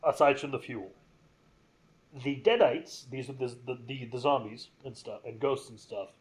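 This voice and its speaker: A man in an easygoing podcast chat, rambling eagerly from one bit of trivia to the next. His voice sits at an ordinary middle pitch, and his delivery is loose and conversational. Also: moderate pace. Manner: chatty, rambling movie trivia, enthusiastic. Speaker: podcast co-host. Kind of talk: casual gaming podcast chat.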